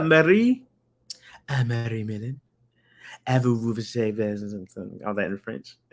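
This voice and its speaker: A young man hosting a casual livestream, reading chat and riffing in slang, laughing often and jumping up in pitch when excited.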